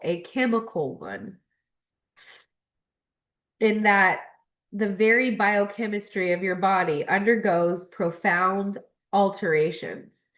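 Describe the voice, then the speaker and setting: A young adult woman who hosts a spiritual astrology channel. She reads a spiritual text aloud and reflects on it, emotional and choked up, laughing between passages. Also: mid-range voice.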